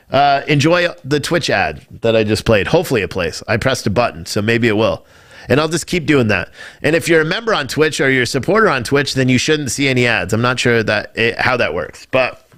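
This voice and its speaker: A man hosting his own live political stream, talking in a loose, profane rant. He swings between exasperated outbursts and offhand asides to his viewers, with a slightly higher voice than most men. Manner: animated, profane ranting with mocking impressions.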